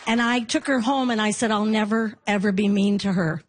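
A woman in her fifties performing a stand-up comedy set, telling animated stories and acting out quotes. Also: mid-range voice, fairly quick, a faint crowd, a little hiss or hum. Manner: animated storytelling with acted-out quotes.

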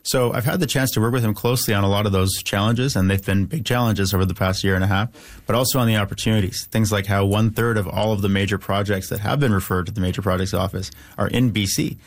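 A man from Canada, a newly elected member of parliament, giving earnest, measured interview answers with frequent filler phrases. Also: lowish voice, fairly even intonation.

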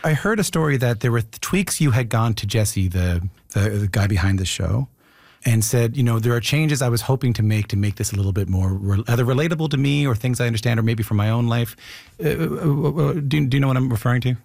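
A man's voice: medium pitch, fast, gravelly, darkish tone, dry recording, clean studio sound. Chatty man hosting an interview. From Newfoundland, Canada. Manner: chatty, repeats words when starting sentences. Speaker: interviewer host. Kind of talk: interview conversation.

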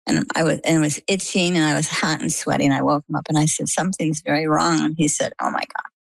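An older woman from Maine, a guest telling her own story in a chatty, lively way. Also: low-pitched, quick pace, vocal fry, dry recording. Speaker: interview guest. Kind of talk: casual storytelling.

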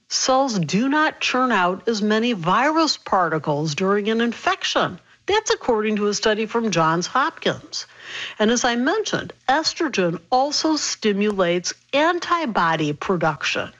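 A woman physician explaining health topics in a radio interview, brisk and clear. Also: mid-range voice, fairly bright tone, dull audio.

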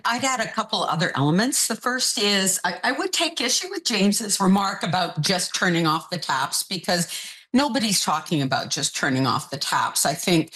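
A woman's voice: low voice, fairly bright tone, low-quality recording. A woman speaking as a panel guest, firm and precise as she disagrees. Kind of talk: panel discussion.

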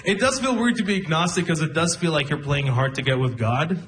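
A young man doing a stand-up comedy set, telling stories deadpan, laughing at his own lines and acting out other people. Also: on the high side, a little fast, crowd noise. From immigrant to Canada. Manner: deadpan storytelling, breaks into laughter, acts out voices. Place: comedy club stage with audience.

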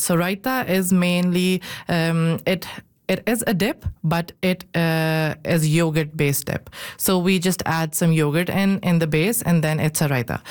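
A woman from Pakistan speaks as a guest on a radio show, her voice smooth and clear and set a little low. She explains her cooking haltingly, with many fillers and small laughs. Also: darkish tone. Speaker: guest cook. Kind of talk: radio interview.

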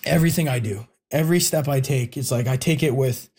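A young man telling a personal family story in an interview, casual and heartfelt, pausing often with fillers. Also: mid-range voice, darkish tone, breathy edge. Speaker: guest.

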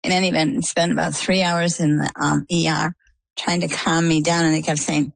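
This interview features a middle-aged Maine woman speaking at a moderate pace in a low-pitched voice with vocal fry. The recording is rough but free of echo, and she tells her personal story conversationally, performing the quoted dialogue with animation.

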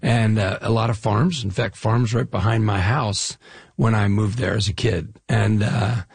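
A middle-aged man from the Chicago area talks in a casual interview, spinning animated stories full of lists and restarts. His voice is gravelly and slightly husky. It sounds close and dry, with no room around it. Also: fairly low pitch, unhurried, dry recording. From Chicago area, US Midwest. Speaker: actor guest.

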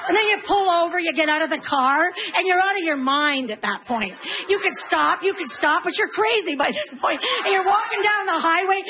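A middle-aged woman does a stand-up routine in a high, bright voice. She keeps breaking into animated acted-out voices for her kids and herself. The recording carries clear background noise. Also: fairly quick, hardly any pauses. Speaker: stand-up comedian.

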